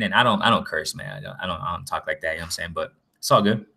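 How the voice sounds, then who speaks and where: A man's voice: low voice, fast talker, bright, forceful tone, breathy edge. A man chatting casually in a boxing vlog, rambling and often saying "you know what I'm saying". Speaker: boxing vlogger. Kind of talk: casual chat.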